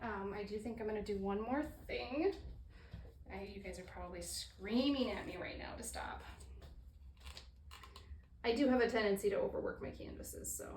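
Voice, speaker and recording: During a laid-back painting tutorial in a large art studio, a woman shows fluid art techniques, chatting, thinking aloud, and occasionally apologizing. Her mid-range voice is a little mellow, and she speaks at normal speed with frequent pauses. The room echoes, and faint hiss is audible.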